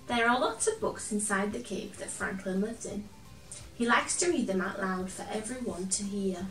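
A woman reading a picture book aloud to children, gentle and expressive, chatting now and then to a toy companion. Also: medium pitch, moderate pace, far from the mic, soft background music. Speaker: children's storyteller. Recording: roomy echo, from off the mic.

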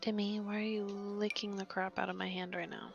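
A woman's voice: mid-range voice, little pitch movement, a little fast, creaky, lo-fi sound, faint music behind. A young woman casually commenting while playing a life-simulation game, often whispering and amused. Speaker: gaming channel host. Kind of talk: casual let's-play commentary.

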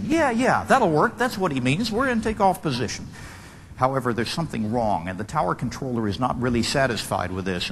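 A man giving a dramatic storytelling lecture to an audience, vividly acting out the voices he quotes. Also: medium pitch. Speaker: speaker. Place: large hall before an audience. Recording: long hall reverb, faint room noise.

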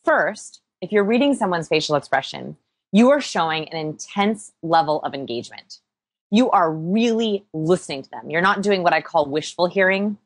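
Her voice fairly low and expressive, a woman interview guest who researches people skills speaks at a moderate pace on a dry recording. She explains with upbeat energy and self-deprecating jokes in a conversational setting.

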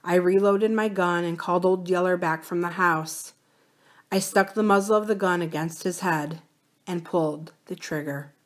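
A woman's voice: on the low side, steady tone, moderate pace. Woman reading a storybook aloud. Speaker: library story reader.

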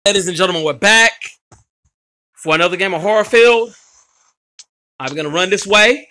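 Gaming host, male, bright forceful voice, excitable slangy play-by-play, shouts at teammates. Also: high voice, normal speed, soft background music. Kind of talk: live gameplay commentary.

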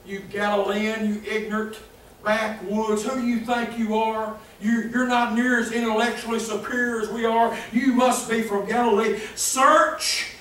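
A preacher voicing arrogant male religious leaders who sneer and shout down at common people. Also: extremely high pitch, takes it slowly, heavy reverb, recorded from a distance, a little hiss or hum, pitched above the performer's own voice, exaggerated voice, poor audio. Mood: scornful.

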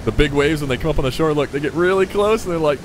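A young man giving casual, chatty gameplay commentary, excitable and swearing freely as he talks to the game. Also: fairly high pitch, racing, background noise. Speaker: gaming YouTuber. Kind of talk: casual let's-play commentary.

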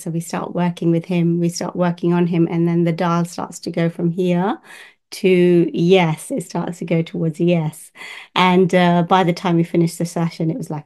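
A woman working as a spiritual healer, telling a story casually to camera, lively and laughing often, acting out the voices she quotes. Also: on the low side, moderate pace.

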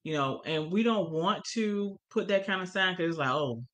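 A woman's voice: fairly low pitch, expressive, moderate pace, fairly bright tone. A woman co-teaching a church family course. She reads passages from the course material aloud and then explains them, stressing the key points.

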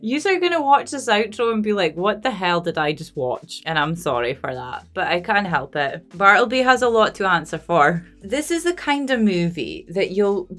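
A woman's voice: medium pitch, big pitch swings, moderate pace, hardly any pauses, a bit bright, faint music behind. A Scottish woman chatting casually to camera as a film reaction vlogger, rambling, self-deprecating and laughing often. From Scotland. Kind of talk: casual unscripted chat to camera.

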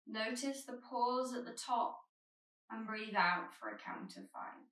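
A woman leading a yoga flow with calm, gentle cues, her voice a touch high. She sounds a little off the mic in an echoey room. Soft music plays behind her. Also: a little slow, distant mic. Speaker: yoga teacher. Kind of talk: guided yoga instruction.

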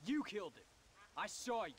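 A man's voice: sits high, big pitch swings, moderate pace, a little hiss or hum. An actor playing a grim, defiant young man seeking revenge in a video game cutscene. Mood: vengeful. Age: young adult. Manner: accusing, defiant. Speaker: game character.

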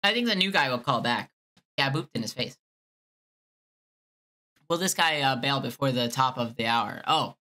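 Bright-voiced sarcastic male streamer. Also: mid-range voice, lively intonation, normal speed, long pauses. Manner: sarcastic, exasperated and mocking. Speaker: streamer baiting a scam caller. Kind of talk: live-stream phone prank commentary.

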